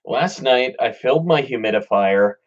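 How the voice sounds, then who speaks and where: A man's voice: medium pitch, animated, normal speed. A man chatting casually and joking on a video call. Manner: joking, self-described smart aleck. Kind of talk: casual chat between game sessions. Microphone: video call mic. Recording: dull lo-fi call audio.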